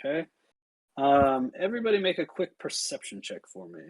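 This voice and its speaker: A man's voice: medium pitch, wildly swooping pitch, moderate pace, husky, poor audio. A man narrating as game master, in a casual way with many fillers.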